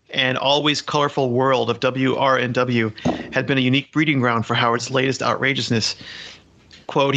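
A man co-hosting a podcast who talks in a casual, emphatic way, repeating words for stress, and reads book passages aloud. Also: mid-range voice. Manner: animated, emphatic, repeats himself. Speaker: podcast co-host.

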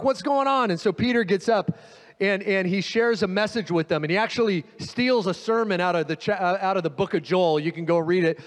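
A man preaching a sermon as pastor, telling the story with animated energy and acting out the voices of the people in it. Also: high-pitched, big-room sound.

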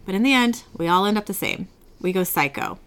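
A woman voicing a taunting, gruff infected zombie man who speaks with menace, in a lower register than her own voice. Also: animated, fairly quick, natural voice.

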